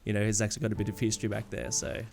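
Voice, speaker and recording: A man hosting a podcast, chatting casually and telling stories with lively acted-out quotes. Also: on the low side, very fast, creaky. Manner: animated storyteller, acts out quoted voices. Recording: faint music behind.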